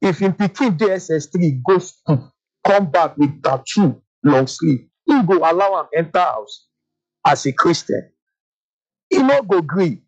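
A man's voice: on the high side, expressive, a little slow. A man from Nigeria with a Nigerian Pidgin accent, calling in to argue his point emphatically. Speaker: caller. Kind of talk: phone-in opinion. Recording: dull lo-fi.

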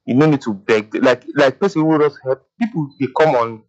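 A man's voice: mid-range voice, a little fast, a little mellow. A man with a Nigerian Pidgin accent calling in to a radio show, earnest and giving advice. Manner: earnest, advice-giving, repeats "you understand". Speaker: caller. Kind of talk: call-in radio chat. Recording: muffled phone line.

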